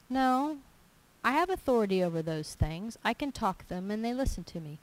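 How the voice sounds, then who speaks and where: A woman's voice: mid-range voice, moderate pace, poor audio. A woman giving a testimony sermon, telling stories with emphasis and acting out dialogue. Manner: animated storyteller, emphatic, acts out dialogue. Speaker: church speaker giving testimony.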